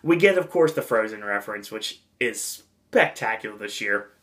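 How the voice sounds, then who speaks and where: A man's voice: lowish voice, animated, moderate pace, fairly bright tone. A man hosting a casual podcast review, talking in a rambling, enthusiastic way with lots of fillers. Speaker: podcast host reviewing a theme park event.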